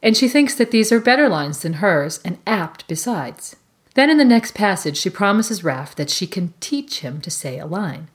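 A woman podcast co-host discussing a book in a measured, thoughtful, analytical way. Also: medium pitch, sing-song. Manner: measured, thoughtful, with some fillers.

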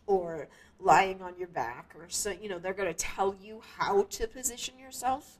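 A woman's voice: mid-range voice, moderate pace, few pauses. A woman hosting her own show, talking casually in a rambling way with many restarts and fillers. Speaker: podcast host. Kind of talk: casual monologue.

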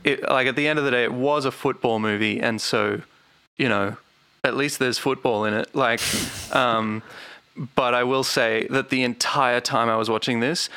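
A man talking casually on a podcast, his voice bright and crisp against a dry, close sound. He rambles a little, stopping and restarting his thoughts as he gives his opinion. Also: medium pitch, no echo. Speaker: podcast co-host. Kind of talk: casual chat.

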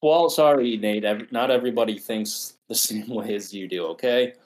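Young man, low voice, joking podcast co-host, casual banter. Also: moderate pace, darkish tone. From Australia. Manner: joking, teasing, laughs often.

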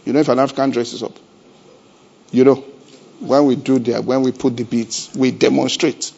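A man preaching a sermon as pastor. He keeps asking the congregation rhetorical questions and swings between loud emphasis and a low, conversational tone. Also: flat delivery, moderate pace, vocal fry, breathy edge. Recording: dull lo-fi church recording.

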